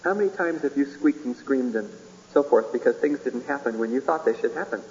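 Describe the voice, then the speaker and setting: A man's voice: medium pitch, brisk, a little mellow, in a large hall, lo-fi sound. A man preaching a sermon in a folksy way, chuckling often and acting out little dialogues.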